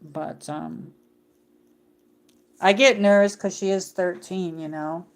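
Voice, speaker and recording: A middle-aged woman chats on her own livestream, rambling along with plenty of ums and restarts. Her voice sits a little low, and she talks to her viewers in an easy, unscripted way. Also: fairly even intonation, slow. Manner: rambling, many fillers and restarts. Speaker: livestream host. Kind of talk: casual livestream chat.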